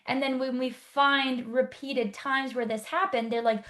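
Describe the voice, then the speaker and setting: A woman life coach teaching an online workshop, explaining briskly and checking in with rhetorical questions. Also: high voice, fairly even intonation, fairly bright tone.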